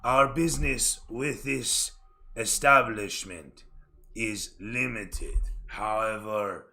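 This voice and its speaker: A man voicing a formal male aide to a crime boss, speaking in measured, drawn-out phrases. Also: on the low side, pushed and bright.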